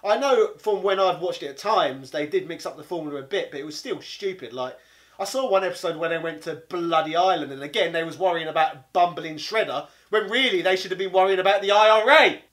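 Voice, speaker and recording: A man's voice: sits high, a little fast, a bit bright. A man, delivering an exasperated comedic rant as a game reviewer. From London, England. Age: 30s. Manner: exasperated, indignant, peppered with 'bloody'. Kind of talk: comedic ranting monologue.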